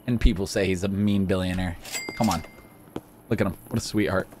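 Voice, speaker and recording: A man hosting a casual let's-play video, excitable and jokey, chatting to the game's characters as he plays. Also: low voice, brisk, noisy background. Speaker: gaming video host.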